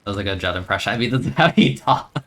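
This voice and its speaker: A man's voice: fairly low pitch, lively intonation, fast talker, fairly bright tone, slight background noise. A young man streaming a video game, chatting in a rambling, easygoing way and laughing often. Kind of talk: casual gameplay commentary.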